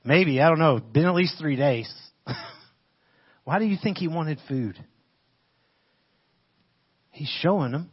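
A man giving a casual, animated sermon, retelling a scripture passage in everyday slang. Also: on the high side, slow pace, long pauses, husky. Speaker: preacher. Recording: muffled lo-fi audio.

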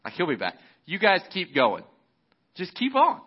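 Taunting prophet, a preacher putting him on, high squeaky mockery, muffled sound. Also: male voice, huge pitch swings, normal speed, husky, heavily acted. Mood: mocking. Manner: mocking, high-pitched trash talk. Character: taunting male prophet mocking his rivals. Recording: slightly muffled recording.

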